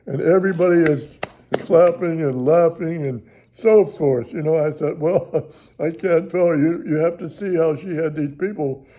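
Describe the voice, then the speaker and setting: A man's voice: fairly high pitch, measured pace, dark tone. An older American man, a ministry television host, telling a rambling, chuckling story in folksy everyday grammar. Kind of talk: casual storytelling.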